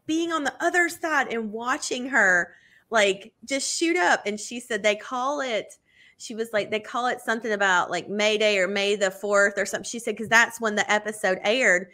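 A woman co-hosts a podcast at a moderate pace, chatting casually and telling lively stories packed with fillers like "like" and "you know." When she quotes people, she acts them out in bigger voices with big pitch jumps.

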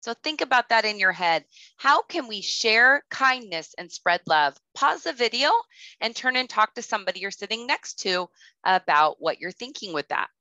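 A woman kindergarten teacher leading a recorded lesson for young children, speaking slowly and clearly, with patient prompts. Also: mid-range voice, big pitch swings, bright, forceful tone, no echo. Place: home. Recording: slightly dull lo-fi audio.

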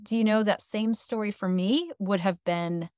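A woman's voice: medium pitch, moderate pace, a little mellow, no room sound, studio quality. A woman co-hosting a podcast, asking questions and responding as an engaged listener. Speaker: podcast co-host. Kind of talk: podcast conversation.

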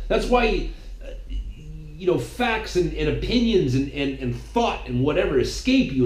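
A man's voice: fairly high pitch, a little mellow. A man hosting his own show, preaching a mocking, opinionated solo monologue. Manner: preachy, mocking, with impressions of others. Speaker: podcast host. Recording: echoey room.

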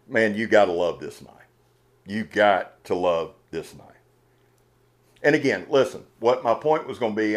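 A man hosting a knife channel, talking in a casual, earnest and emotional way, rambling with restarts. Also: fairly low pitch. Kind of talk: casual unboxing vlog talk.

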